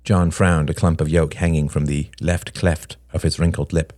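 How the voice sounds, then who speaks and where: Man, story narrator, very deep voice, lively intonation, dry close recording. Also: normal speed, no echo. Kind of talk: dramatic story reading.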